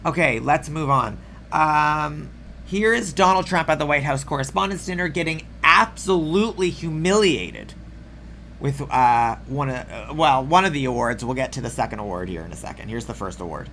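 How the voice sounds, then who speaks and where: A man delivering an opinionated video commentary in a sarcastic, profane, exasperated rant, with a slightly rough throat. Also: a little high, animated, moderate pace, sharp tone, a little hiss or hum. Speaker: political commentary host.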